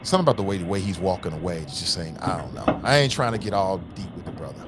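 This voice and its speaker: A man's voice: low voice, animated, fast talker, background noise. A man hosting a call-in talk show, giving casual, emphatic commentary in slangy speech, repeating his points and laughing often.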